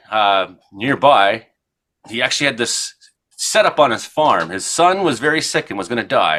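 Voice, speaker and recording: A man in his forties from Ontario hosts a casual radio show. His voice is bright and forward as he rambles from one odd news item to the next, full of "uh" and loose asides. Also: mid-range voice. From Ontario, Canada. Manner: rambling storyteller, many fillers. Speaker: co-host. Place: radio studio.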